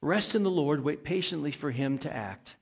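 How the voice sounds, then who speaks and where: A man's voice: a little high, lively intonation, moderate pace, vocal fry, slightly rough. A male pastor preaching a sermon in a conversational way, asking the congregation questions and adding folksy asides.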